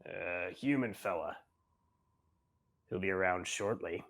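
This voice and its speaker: Man doing a gruff curt hired-gun guard. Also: sits low, slow pace, a bit bright, voice pushed down, heavily acted.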